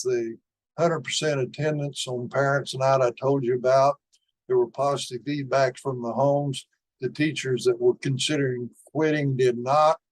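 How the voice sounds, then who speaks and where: Slow, deliberate older man lecturing. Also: medium pitch, poor audio. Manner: slow and deliberate, with frequent "uh" pauses. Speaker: conference speaker. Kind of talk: lecture presenting study results.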